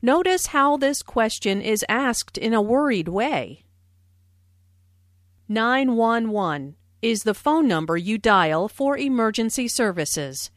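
A woman reading a scripted English lesson, explaining phrases slowly and clearly. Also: on the high side, lively intonation, no echo, clean studio sound. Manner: slow, clear, carefully enunciated. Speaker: English teacher. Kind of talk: scripted language lesson with dialogues.

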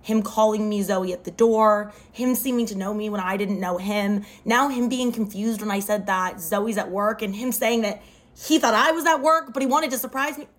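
A woman's voice: medium pitch, normal speed. A young woman telling a wild personal story to camera, dramatic and full of "like". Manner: dramatic retelling, often says "like". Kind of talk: storytime vlog.

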